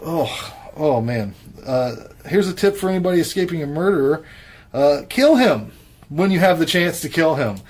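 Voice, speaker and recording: A man's voice: a little high, very animated, normal speed, darkish tone. A man co-hosting a podcast in casual chat, blunt and profane, laid-back, with many fillers. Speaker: podcast co-host reviewing horror films.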